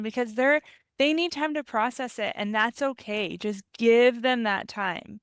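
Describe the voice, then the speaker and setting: Smooth-voiced affirming podcast host. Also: female voice, on the high side, unhurried, no echo. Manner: warmly affirming, encouraging. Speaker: therapy company owner. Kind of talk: casual interview chat.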